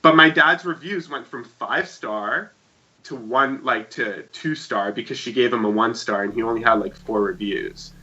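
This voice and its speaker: A man co-hosting a podcast, chatting casually and telling a story with animated swings between loud and quiet. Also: medium pitch, moderate pace, dull audio. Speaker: podcast co-host. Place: home room with shelves.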